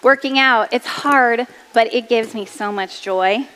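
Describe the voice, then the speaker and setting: A woman's voice: on the high side, a little slow, bright, forceful tone, long reverb tail. A woman around forty giving an upbeat motivational talk to mothers, chatty and self-deprecating, laughing easily. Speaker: speaker addressing mothers.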